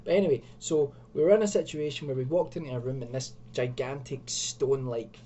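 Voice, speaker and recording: A man's voice: medium pitch, fairly quick, warm tone, a little hiss or hum. Chatty man reading a gamebook. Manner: chatty, self-mocking asides. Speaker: video host. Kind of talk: reading and commenting on an adventure gamebook.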